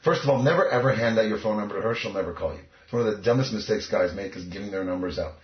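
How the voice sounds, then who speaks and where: Cocky guy coaching on dating, rapid and emphatic, sounds dull and lo-fi. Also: fairly low pitch. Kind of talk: casual interview talk. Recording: echoey, muffled lo-fi recording.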